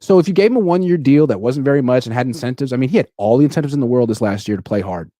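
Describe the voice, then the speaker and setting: A man from California co-hosting a sports talk stream, delivering blunt, wry opinions at a middling pitch. The sound is dry and close, with no room echo. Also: animated, rapid-fire, mellow. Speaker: sports podcast co-host. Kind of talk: casual sports talk livestream.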